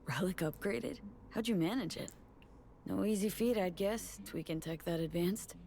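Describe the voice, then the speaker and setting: An actress playing a wary young woman mercenary in a game, speaking quietly and curiously. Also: mid-range voice, normal speed, background noise, lightly acted.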